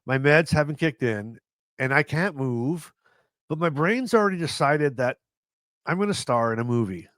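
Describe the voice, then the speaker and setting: A man's voice: fairly high pitch, expressive, normal speed, fairly bright tone, no echo. A middle-aged man from Canada telling funny stories to camera in a casual vlog, chatty and self-mocking, often laughing and restarting his sentences. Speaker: vlogger.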